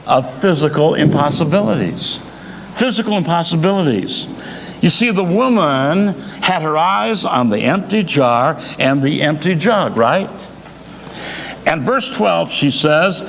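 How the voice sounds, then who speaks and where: A man preaching a sermon as associate pastor, emphatic, with dramatic pauses between phrases. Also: on the high side, creaky. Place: church sanctuary. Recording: reverberant church hall, faint noise.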